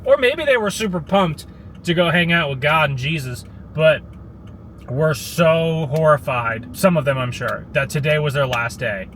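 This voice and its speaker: A man's voice: fairly high pitch, moderate pace, fairly bright tone, slight background noise. Rambling young man vlogging. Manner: rambling, many likes and restarts. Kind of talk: casual storytelling vlog.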